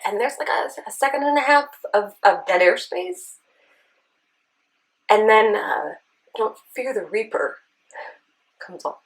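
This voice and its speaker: A beauty vlogger with a medium-pitched, sing-song voice tells an emotional personal story, speaking a little slowly with long pauses. She's earnest and at times near tears, often checking in with a rhetorical "right?", and the recording is rough.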